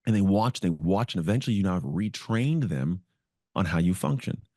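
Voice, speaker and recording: A man's voice: sits low, animated, brisk, dark tone, no room sound, studio quality. A man as a podcast guest, telling his story in an earnest, reflective way and acting out the voices in his head. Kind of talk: storytelling interview.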